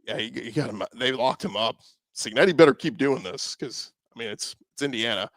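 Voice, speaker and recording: A man's voice: mid-range voice, fairly quick, fairly bright tone, no room sound. A man hosting a casual live stream, rambling and sarcastic as he reads out and reacts to viewer comments. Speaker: podcast host reacting to live chat.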